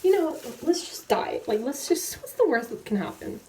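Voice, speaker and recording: A woman's voice: high voice, sing-song, moderate pace, a little mellow, a little hiss or hum. A young woman in her twenties chatting casually and rambling with lots of fillers while she dyes her hair at home. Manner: rambling, chatty, full of fillers, laughs at herself. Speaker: book vlogger. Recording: roomy echo, slightly distant.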